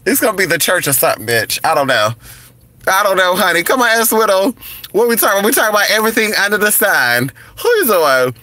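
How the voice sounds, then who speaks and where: Sassy, lively man with a bright voice. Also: sits high, no echo. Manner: sassy, campy, drawn-out and expressive. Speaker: channel host reading live chat. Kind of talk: casual livestream chat.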